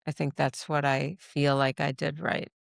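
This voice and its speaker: Middle-aged woman chatting, smooth dry voice, lots of restarts and little laughs. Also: sits low, flat delivery, moderate pace, no echo. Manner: rambling, laughs often, frequent restarts. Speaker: guest, mother of the host. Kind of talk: casual storytelling chat. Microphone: podcast mic.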